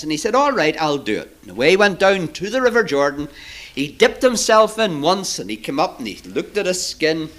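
A man tells a Bible story to children in a dramatic, animated style. His voice sits a little high and rises and falls widely as he builds each moment.

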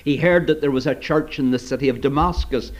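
A man's voice: mid-range voice, fairly quick. A man preaching to children, retelling a Bible story in a storytelling manner and addressing them directly. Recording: dull lo-fi recording.

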